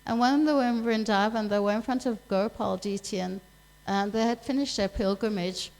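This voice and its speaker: A woman's voice: medium pitch, normal speed, darkish tone, poor audio. A woman giving a scripture class in a temple, retelling a story casually and speaking each character's lines in her own voice. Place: temple hall.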